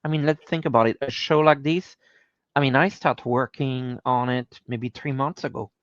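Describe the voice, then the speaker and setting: A man as a podcast guest, chatting in a relaxed, agreeable way. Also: mid-range voice, moderate pace, no echo, highs cut off. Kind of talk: casual chat.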